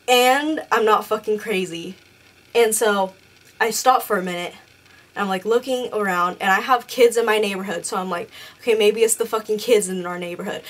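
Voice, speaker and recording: A young woman telling a ghost story in a casual vlog, rambling and swearing constantly. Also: a little high. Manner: profane, rambling, animated storytelling. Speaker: beauty vlogger.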